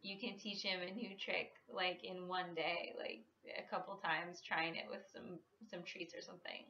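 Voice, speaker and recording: A woman's voice: fairly low pitch, little pitch movement, normal speed, bright, forceful tone, lo-fi sound, slight background noise. A woman vlogger chatting casually to the camera, with lots of fillers and small laughs. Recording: echoey room, mic at a distance.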